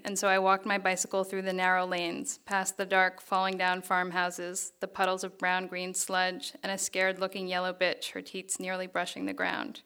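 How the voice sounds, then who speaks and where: Woman reading fiction, flat and crisp. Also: medium pitch. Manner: measured, even reading. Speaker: author reading her fiction.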